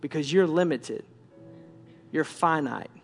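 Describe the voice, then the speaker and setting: A preacher voicing God as a stern, quiet, measured inner voice. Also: male voice, fairly high pitch, vocal fry, soft background music, voice pushed down, exaggerated voice. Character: God as a stern still small voice.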